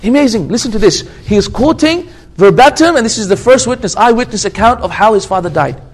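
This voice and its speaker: High-pitched guy preaching a lecture, keeps repeating stuff for emphasis, drops arabic religious words in. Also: animated, a little fast. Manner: emphatic, repeats phrases, swears by God for stress; mixes Arabic religious terms into English. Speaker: Islamic lecturer.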